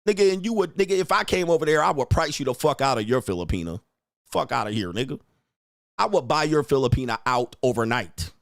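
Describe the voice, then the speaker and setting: With a gravelly, medium-pitched voice, this young streamer talks fast and animatedly, cursing at and mocking his chat in a confrontational rant punctuated by frequent laughter. The recording is dry and clean, studio-grade.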